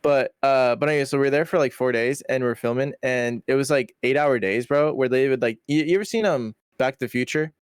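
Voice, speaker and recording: A man's voice: mid-range voice, a little fast, few pauses, clean tone, no echo, studio quality. A young man as a podcast guest, telling a story in a rambling, slangy, swearing style with many restarts. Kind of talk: casual storytelling chat.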